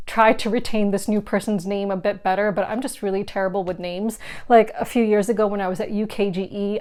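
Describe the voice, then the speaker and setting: A young woman telling a funny story to camera, chatty and quick to laugh, with many fillers. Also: medium pitch. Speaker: board game vlogger.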